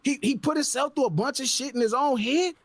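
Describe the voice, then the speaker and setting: A man's voice: extremely high pitch, a little fast, no room sound. A man on a podcast, ranting with profanity and exasperation. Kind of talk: heated podcast rant.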